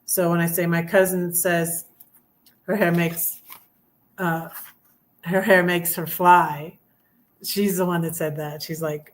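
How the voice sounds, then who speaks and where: A woman's voice: lowish voice, steady tone, measured pace. A middle-aged woman hosting a casual livestream, rambling with fillers and restarts as she chats. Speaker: livestream host reading poems. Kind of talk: casual livestream chat and poetry reading.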